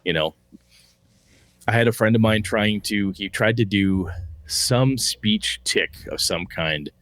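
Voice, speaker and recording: A man's voice: lowish voice, slow pace, fairly bright tone, dry recording. A man co-hosting a casual podcast, rambling and swearing freely as he reads listener mail. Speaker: podcast co-host.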